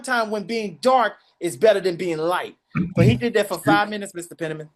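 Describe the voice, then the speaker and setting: Animated man. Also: high voice, a little fast. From Washington, DC. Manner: animated, acts out voices and shouts. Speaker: podcast co-host. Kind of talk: casual storytelling.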